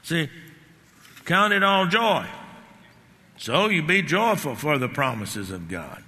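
A man's voice: on the high side, very animated, slow, bright, forceful tone. A man preaching a sermon with emphatic delivery, repeating key words and rising on lines of scripture. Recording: long hall reverb.

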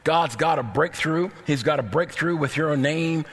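Husky-voiced preacher in a reverberant church. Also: male voice, a little high, moderate pace, fairly bright tone. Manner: fervent, repetitive preaching cadence. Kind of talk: evening church sermon. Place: church sanctuary. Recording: long reverb of a church hall.

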